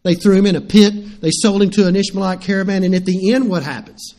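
A man's voice: high-pitched, steady tone, fast, mellow. A middle-aged man preaching a sermon as pastor, telling stories animatedly and putting questions to the congregation.

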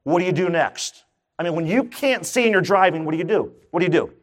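Lively joking male pastor. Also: high-pitched, quick pace. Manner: lively, jokey preaching with questions to the congregation. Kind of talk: sermon. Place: church.

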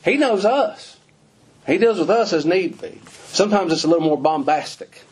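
A man's voice: high-pitched, expressive, normal speed, a little mellow, slightly rough. A male pastor, preaching a folksy, emphatic sermon full of rhetorical questions.

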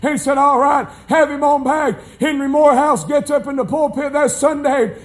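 A man preaches in a very high voice. His delivery is folksy and emphatic, and it builds up to shouting. This is a live church sermon recording. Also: fairly even intonation, normal speed. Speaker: pastor.

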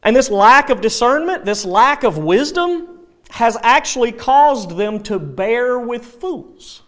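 A male pastor preaching a sermon, animated, with dry sarcastic asides. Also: very high-pitched, slow.

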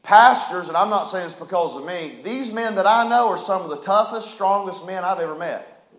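A man preaching a sermon as pastor, firing off rhetorical questions and swinging between hushed asides and loud cries. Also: sits high, normal speed. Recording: echoey room.

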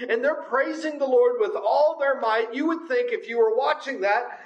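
A man's voice: extremely high pitch, normal speed, hardly any pauses, highs cut off. A man preaching a sermon in a conversational way, with frequent filler sounds. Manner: conversational, many filler uhs.

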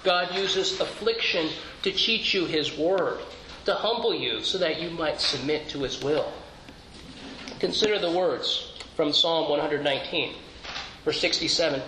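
This pastor's voice sits a little high, bright and forceful, moving at a measured pace as he delivers his sermon in an earnest, conversational style. He asks rhetorical questions and often starts his phrases over. The recording, made in a church sanctuary, is echoey with faint background noise.

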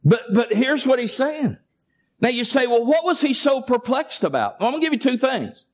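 A man's voice: very high-pitched, very animated, moderate pace. A man preaching a sermon and calling for responses from his congregation. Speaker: pastor.

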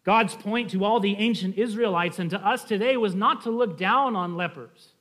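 A man's voice: high-pitched, normal speed, a bit bright. A man preaching a sermon in an earnest teaching tone, raising his voice to stress key points.

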